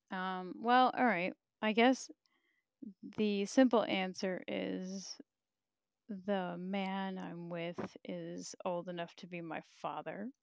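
A woman's voice: medium pitch, vocal fry, smooth, dry recording, clean studio sound. A woman hosting a podcast live, chatting casually and candidly, reading viewer comments with frequent laughs and profanity. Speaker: podcast host.

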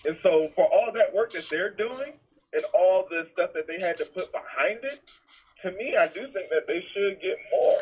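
A man, the podcast's business manager, talking in a measured, explaining way in casual chat. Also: high voice, muffled recording.

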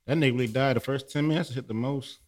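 A man in a casual group chat, trading quick, profane banter. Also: mid-range voice, a crowd in the background.

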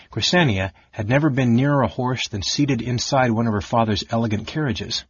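A man reading an audiobook in a measured, dramatic narration. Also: medium pitch, breathy edge, no room sound, dull audio.

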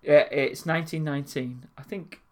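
A man's voice: a little high, moderate pace. A young man, telling stories in a casual, laughing podcast chat. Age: young adult. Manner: storytelling, laughing, lively. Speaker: podcast co-host.

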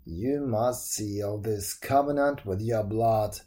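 Guy doing a low slow river giant voice, solemn, dark mellow tone.

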